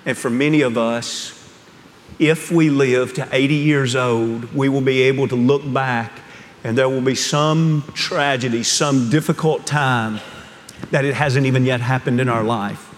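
A man preaching a sermon, telling stories in a hushed voice that rises to fervent emphasis. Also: mid-range voice, fairly even intonation, measured pace, a little hiss or hum. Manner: storytelling, swings from hushed to rising fervor. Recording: long hall reverb.

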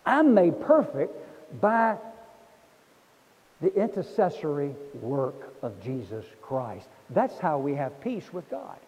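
A man preaches a sermon as pastor, telling stories and drawing the congregation into answering him. His voice sits high and moves around a lot, with a mellow, soft-edged tone. The sound rings out with the long reverb of a large hall. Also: very animated, slow pace, slightly rough, muffled recording. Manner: storytelling preacher who leads the congregation in responses.

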